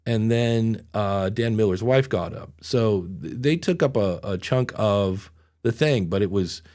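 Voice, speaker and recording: A middle-aged podcast host with a lowish, slightly mellow voice speaks at a measured pace. In this casual podcast chat, he tells stories in a rambling, self-deprecating way.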